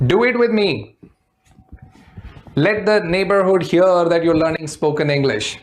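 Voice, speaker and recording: A man teaching a live online English class. He explains quickly in Hindi, switches to slower, careful English, and drills tongue twisters with his students. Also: on the high side.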